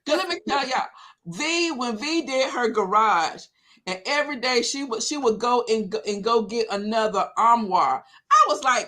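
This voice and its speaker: A woman hosting a casual chat on a video call, telling stories with lively exclamations and easy laughter. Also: fairly high pitch, normal speed. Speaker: party host.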